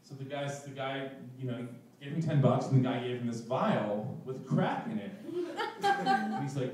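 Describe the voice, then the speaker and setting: A man's voice: medium pitch, very animated, normal speed, darkish tone. A young man telling a personal story at a live event, self-mocking and laughing through his lines. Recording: echoey room, distant mic.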